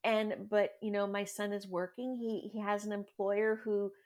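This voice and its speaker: A woman's voice: medium pitch, level tone, normal speed, darkish tone. A middle-aged woman speaking as a guest in a casual interview, a chatty storyteller who often laughs. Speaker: guest parent.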